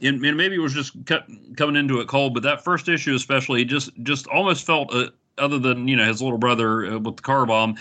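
A man's voice: medium pitch, bright, forceful tone. A man in a casual podcast chat, restarting and repeating words as he works through his thoughts. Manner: halting, repeats words as he thinks. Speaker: podcast panelist.

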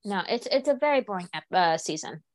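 A woman chats casually as a podcast co-host, bouncing her pitch up and down as she acts out what others said. Her voice sits in a middle range. The sound is close and dry, with no room around it. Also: fast, no room sound. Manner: animated, acts out quotes with swooping pitch. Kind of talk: casual chat.

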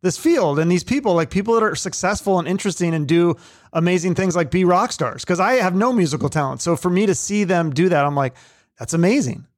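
Man, podcast interviewer, eager, admiring, fast talker, slightly high voice. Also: lively intonation, no echo, studio quality. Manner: eager, admiring, quick to agree. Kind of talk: casual interview chat.

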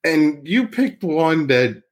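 A man playing as a contestant in a casual podcast quiz game, good-humored and drawn-out. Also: fairly high pitch, sing-song.

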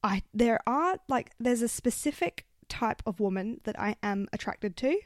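Speaking at a moderate pace with lively intonation, this twenty-something vlogger has a voice on the high side. She's chatty and swears a lot, padding her casual storytelling with "like," and the handheld-mic recording is studio quality without echo.

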